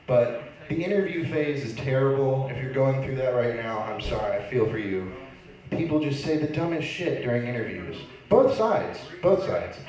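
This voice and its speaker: A man's voice: mid-range voice, lively intonation, moderate pace, a little mellow. A man performs stand-up in a bar lounge, his voice echoey and a little distant from the mic. He talks with sarcastic, exasperated storytelling. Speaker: open mic host and stand-up comedian. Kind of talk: stand-up comedy set. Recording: echoey room, voice from far off.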